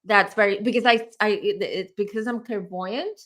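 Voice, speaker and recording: A woman in her thirties with a mid-pitched voice, giving a tarot reading in casual conversation. She speaks earnestly and meanders, circling back to repeat phrases as she goes. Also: moderate pace, a bit bright. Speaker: tarot reader and clairvoyant host. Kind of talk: casual spiritual reading chat.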